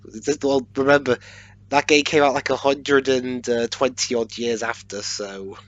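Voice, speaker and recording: Male co-host, playful and quick to laugh, mid-range voice. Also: mid-range voice, fairly even intonation, a bit bright, dull audio. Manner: joking and playful, with frequent laughs. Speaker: co-host of a watch-along commentary. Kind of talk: casual chat.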